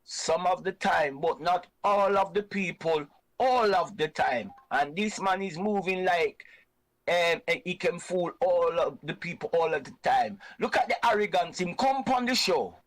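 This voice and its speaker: A Jamaican man hosts an online reasoning show and speaks with fiery conviction. He drives his points home by repeating them in a preaching way. His speaking voice is high for a man. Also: measured pace, poor audio. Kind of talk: impassioned reasoning talk.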